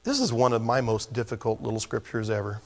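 A male pastor teaches through scripture in a casual, talking-to-you manner. His voice sits at an ordinary middle pitch. He moves between soft, almost whispered pleading and forceful, pressing emphasis. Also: expressive, quick pace. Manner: conversational preaching, shifting from hushed near-whispers to emphatic exhortation. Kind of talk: expository sermon.

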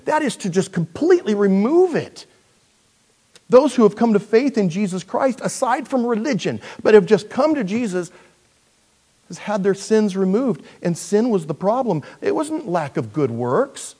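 A male pastor giving a verse-by-verse Bible teaching in a conversational, animated way, with joking asides. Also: high-pitched, normal speed, breathy edge.

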